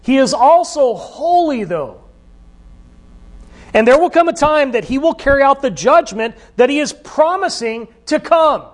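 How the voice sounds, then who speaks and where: A man with a high voice preaches a sermon. He keeps it conversational and asks his listeners questions as he goes. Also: expressive, measured pace. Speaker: pastor.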